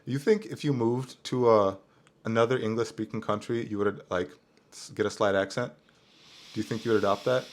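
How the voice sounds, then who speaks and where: A young man co-hosting a podcast, talking in a relaxed, laid-back casual way. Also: lowish voice, a little fast. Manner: relaxed, laid-back, says "bro" often. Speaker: podcast co-host. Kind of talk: casual chat.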